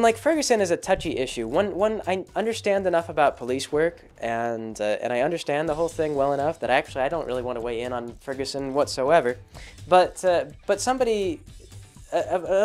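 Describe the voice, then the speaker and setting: A man's voice: a little high, lively intonation, brisk, a little mellow, soft background music. A man hosting his own video, talking through his views in a loose, rambling monologue full of "like" and "you know" and frequent restarts. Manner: rambling, heavy on fillers and restarts. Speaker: video host. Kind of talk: casual commentary monologue.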